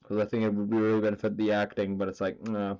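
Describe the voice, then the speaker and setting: A man's voice: fairly low pitch, completely flat delivery, fast, a little mellow, lo-fi sound. A man casually chatting while he draws on a live stream, rambling with lots of fillers and the odd swear word. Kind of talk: casual chat while drawing.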